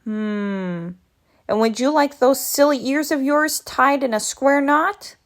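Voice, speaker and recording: Woman reading as a lazy cartoon cat, sarcastic, unhurried, dry, storybook read-aloud. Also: sits high.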